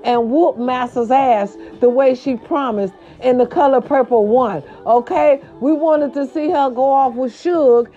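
Hosting her own show, a woman gossips about celebrities in a casual, sassy manner, dropping slangy asides. Her voice is high and mellow, with a measured pace and few pauses. The lo-fi recording sounds dull, and faint music plays underneath.

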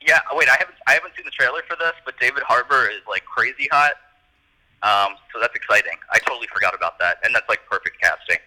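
A man co-hosting a casual comedy podcast, lively and laughing, wandering off on tangents. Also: mid-range voice, fast talker, rough recording. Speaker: podcast co-host.

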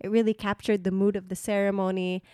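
A woman's voice: medium pitch, little pitch movement, a little fast, dark tone, clean tone, no echo, studio quality. A young woman chatting casually, telling a story animatedly and switching between English and Tagalog. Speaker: vlogger recounting her wedding. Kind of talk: casual chat.

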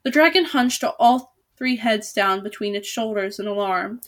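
A woman's voice: mid-range voice, moderate pace, few pauses, fairly bright tone. A woman reading a novel aloud, with casual asides and frequent self-corrections. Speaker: storybook reader.

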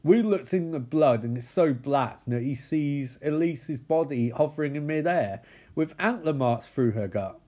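A man casually recapping a show, rambling and profane, slipping into quick character voices. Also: fairly high pitch, mellow.

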